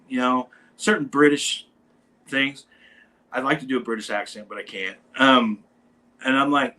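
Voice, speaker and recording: This talk-show guest, a musician, recounts a casual anecdote at a moderate pace in a medium-pitched voice. He brings it to life animatedly, acting out what others said.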